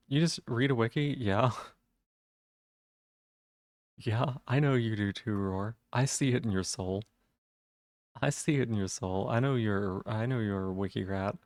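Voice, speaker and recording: A man's voice: fairly low pitch, a little mellow, no room sound, clean studio sound. A man chatting casually on a live stream, rambling with lots of fillers and restarts.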